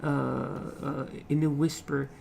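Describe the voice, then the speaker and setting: A man's voice: medium pitch, level tone, slow, gravelly, darkish tone, a little hiss or hum, low-quality recording. A man teaching literature, explaining a poem line by line, repeating phrases and often checking in with "okay?".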